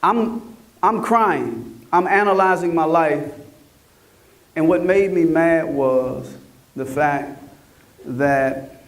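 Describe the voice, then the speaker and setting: A middle-aged man tells his story to a conference crowd in an animated, motivational way, often checking in with the audience. His voice sits a little high for a man. He sounds set back from the microphone. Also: takes it slowly, gravelly, pauses often, distant mic. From Mississippi, US. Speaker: conference speaker.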